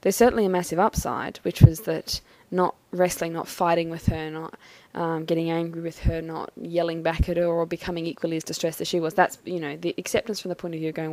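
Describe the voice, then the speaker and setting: A woman talking through a personal experience in a thoughtful, halting, measured way. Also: lowish voice, fairly even intonation, darkish tone, no echo. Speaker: vlogger. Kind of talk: personal reflective monologue.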